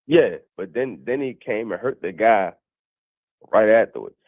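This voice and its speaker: A man's voice: on the low side, lively intonation, unhurried, dry recording. Cussing man on a tinny phone line. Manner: blunt, profane, talks over others. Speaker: caller on a boxing show. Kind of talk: casual boxing debate. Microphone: phone call.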